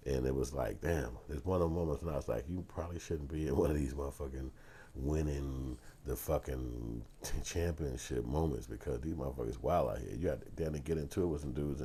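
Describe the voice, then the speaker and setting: A man tells a story straight to his viewers, swearing freely and acting out both sides of a shouting match. His voice sits extremely low with a gravelly, fried edge. The tone is dark and husky. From Chicago. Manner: profane, animated storyteller acting out heated confrontations. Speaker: vlogger and filmmaker. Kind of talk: casual storytelling vlog.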